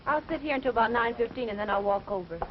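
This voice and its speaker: Actress as a fast-talking young singer, guarded, highish voice, old lo-fi film track. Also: female voice, a little hiss or hum, lightly acted. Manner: quick, guarded replies. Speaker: nightclub singer and student. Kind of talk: 1930s film acting. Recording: dull, lo-fi old film soundtrack.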